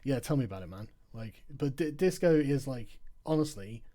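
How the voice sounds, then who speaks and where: Late at night, a tired livestream host reads out chat messages and super chats, laughing often and swearing mockingly. His mid-range voice is warm and animated, at a moderate pace.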